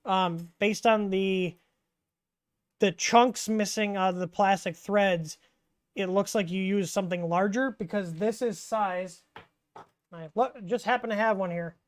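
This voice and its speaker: A woman chats loosely through a home livestream, trailing off and restarting mid-sentence. Her voice sits at an ordinary middle pitch, and her delivery is unhurried and full of "um" and "anyways". She sounds like she is talking over a desk mic to viewers. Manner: rambling, relaxed, many fillers and restarts. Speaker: livestream host answering 3D printer questions. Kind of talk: casual live Q&A chat.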